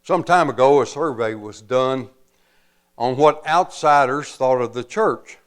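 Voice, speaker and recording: A man preaching a sermon as pastor, slow and emphatic, pausing often and adding folksy asides. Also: mid-range voice.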